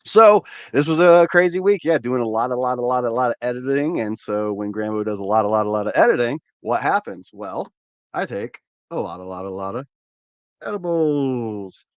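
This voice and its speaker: A laid-back man hosting a casual stream, rambling and repeating himself, with a mid-pitched voice. His talk is loose and profane, and the sound is dry and close with no room echo. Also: animated, a little fast, lo-fi sound. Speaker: cannabis channel host. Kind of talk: casual livestream chat with viewers.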